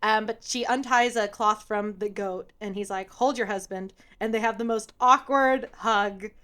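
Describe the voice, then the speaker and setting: A woman's voice: mid-range voice, steady tone, moderate pace, sharp tone. A woman in a casual podcast chat who recaps a reality show and acts out the lines she quotes. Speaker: podcast correspondent.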